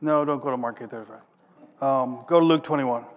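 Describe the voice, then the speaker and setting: A man's voice: mid-range voice, fairly quick, dull audio. A man preaching a sermon who reads scripture aloud, then explains it plainly and hunts aloud for passages as he thinks. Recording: long reverb of a large hall.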